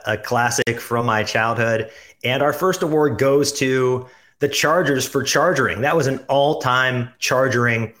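A man's voice: mid-range voice, fairly bright tone. Wry male sports podcast co-host. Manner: wry, joking, pun-loving. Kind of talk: casual sports chat.

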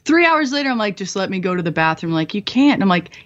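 A woman's voice: medium pitch, sing-song, fast, hardly any pauses. A woman in her twenties, a guest on a podcast, telling her story in a candid, profane, self-mocking way and laughing often. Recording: slightly dull podcast audio.

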